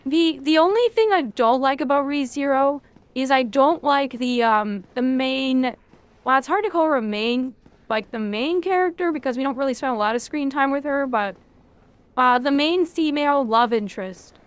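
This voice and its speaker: A woman's voice: high voice, expressive, normal speed, smooth, no room sound. A woman streaming a video game, chatting casually with her chat, rambling and swearing freely.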